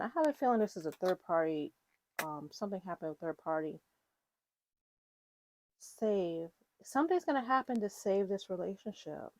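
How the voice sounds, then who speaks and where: This tarot reader talks to her viewers at a normal pace in a mid-range, slightly mellow voice, with a bit of background noise behind her. Her reading is loose and chatty, wandering along with lots of fillers, false starts and self-corrections.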